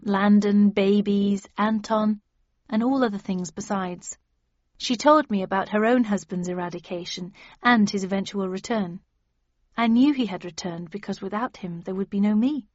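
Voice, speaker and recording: A woman's voice: mid-range voice, no echo, dull audio. A woman narrating a novel, shifting her voice for each character. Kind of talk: audiobook narration.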